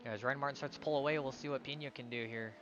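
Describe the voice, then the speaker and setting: A man's voice: medium pitch, fairly even intonation, quick pace, muffled recording, noisy background. A man giving live commentary on an online sim race, calling out positions and sometimes stumbling over drivers' names.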